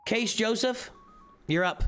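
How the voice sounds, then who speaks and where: Slow and a bit bright, his voice sits high. He streams live, reviewing viewers' game rosters with casual, think-aloud commentary that includes restarts and repeated phrases, faint music playing behind.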